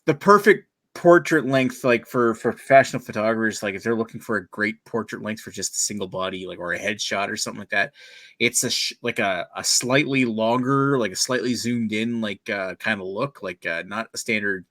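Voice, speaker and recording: Profane, loud man on a podcast. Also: lowish voice, fairly quick, no room sound. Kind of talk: casual chat.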